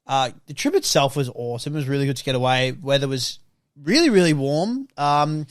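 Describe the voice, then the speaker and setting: A man's voice: mid-range voice, fairly quick, dry recording, studio quality. A young Australian man hosting a podcast who tells a rambling story in casual chat, swearing freely and filling his speech with ums and likes. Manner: swearing, rambling and animated, with lots of fillers. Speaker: podcast co-host.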